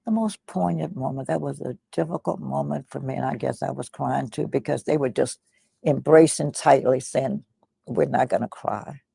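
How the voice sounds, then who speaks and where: Gravelly-voiced older woman recalling memories. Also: a bass voice, steady tone, mellow, dry recording. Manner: slow, reflective storytelling, often dropping to a near whisper. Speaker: guest. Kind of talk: recounting personal memories in an interview.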